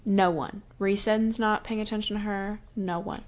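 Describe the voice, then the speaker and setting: A woman's voice: medium pitch, fairly even intonation, normal speed. A young adult woman co-hosting a podcast, recapping a novel in casual chat and loosely filling gaps with "um" and "like". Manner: recaps the plot loosely, with many fillers like "um" and "like". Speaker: podcast co-host. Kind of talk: casual book-discussion chat.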